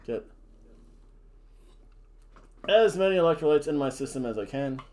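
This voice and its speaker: A man's voice: a little high, animated, moderate pace, dark tone. A man hosting a casual wrestling predictions chat, jokey and theatrical, hamming up wrestler introductions. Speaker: wrestling show host.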